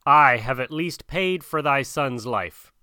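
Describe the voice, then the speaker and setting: Man reading as a defiant jungle boy, storybook voice, bright tone, lively pitch. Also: slow, smooth, no room sound. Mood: scornful. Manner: commanding, scornful. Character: young jungle-raised boy, proud and defiant.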